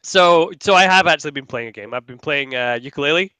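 A man's voice: a little high, lively intonation, quick pace, pushed and bright, clean tone, dry recording, poor audio. A young man co-hosting a casual gaming podcast, rambling with lots of restarts. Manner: rambling, many restarts and fillers. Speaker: podcast co-host.

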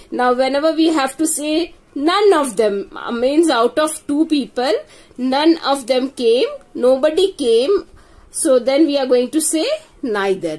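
A woman's voice: high voice, expressive, unhurried, darkish tone. A woman teaching an English grammar lesson, patiently repeating example sentences and checking in with "okay?". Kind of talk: slow explanatory grammar lesson.

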